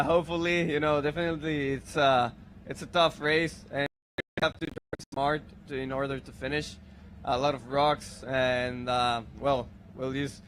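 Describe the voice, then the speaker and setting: A man, a race driver, answering interview questions in a calm, measured way at an outdoor race event. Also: fairly high pitch, a little hiss or hum.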